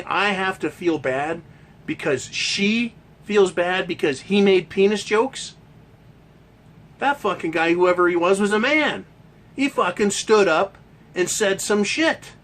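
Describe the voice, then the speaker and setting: A man's voice: high-pitched, a bit bright. A man hosting a ranting monologue, talking in a heated, emphatic and profane way. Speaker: host.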